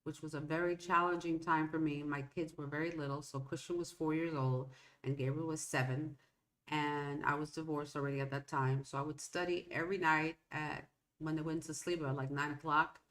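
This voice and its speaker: A woman's voice: deep voice, little pitch movement, normal speed, a bit bright. A woman in her fifties, a podcast host, telling personal stories in a rambling, conversational way with frequent restarts. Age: 50s. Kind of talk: personal storytelling monologue.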